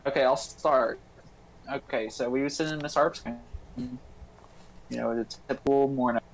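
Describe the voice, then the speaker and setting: A young man joins a casual podcast as a guest. He recounts a school story in a plain, matter-of-fact way with a mid-pitched voice. A faint hiss sits under the recording. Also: fairly even intonation, moderate pace, low-quality recording.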